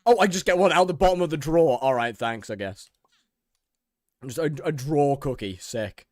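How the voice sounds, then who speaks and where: A man's voice: fairly high pitch, normal speed, no room sound, studio quality. A young man streaming a game, reading in-game text aloud, laughing often and reacting with mock outrage. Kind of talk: casual gaming commentary.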